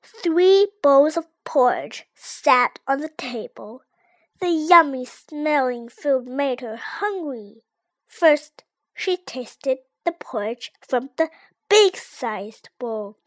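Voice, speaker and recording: Child slowly reading a storybook aloud. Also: sits high. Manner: slow, careful read-aloud with lively ups and downs. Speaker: reader.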